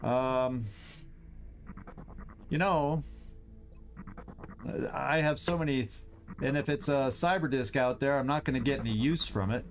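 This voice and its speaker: A man hosting a game stream, thinking aloud through his moves, tallying enemies and cheering loudly at big shots. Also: mid-range voice, a little slow, long pauses, faint music behind. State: has the hiccups. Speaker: host. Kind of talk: gameplay commentary.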